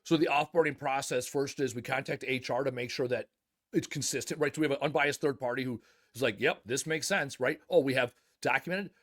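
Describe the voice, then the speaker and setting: A man's voice: medium pitch, a little fast. A man who owns a junk removal company, telling stories emphatically in a casual podcast conversation. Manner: emphatic, animated storytelling. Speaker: junk removal business owner.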